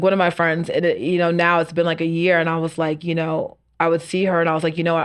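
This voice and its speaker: A woman podcast guest talking casually, with lots of fillers like "like" and "you know". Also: deep voice. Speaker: podcast guest, networking group founder. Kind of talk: casual conversation.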